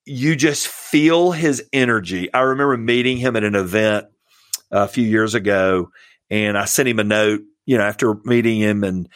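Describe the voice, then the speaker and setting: A somewhat low-voiced pastor from Georgia in the US speaks at normal speed as a podcast guest, recorded clean in a studio without echo. In casual interview chat, he tells stories earnestly and from the heart, speaking warmly of his mentors.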